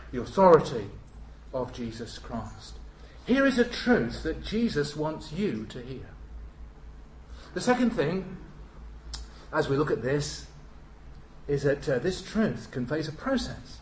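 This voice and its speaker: Slow, solemn British preacher. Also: male voice, on the high side, sing-song, slight background noise. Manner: solemn, emphatic, deliberate. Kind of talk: sermon. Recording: roomy church hall.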